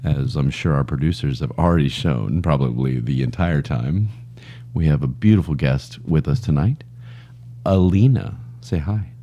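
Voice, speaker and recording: A man's voice: a bass voice, normal speed, dark tone. A man co-hosting a podcast in casual banter, joking and poking fun at himself. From Scotland. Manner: joking, self-deprecating storyteller. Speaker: podcast co-host. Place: studio.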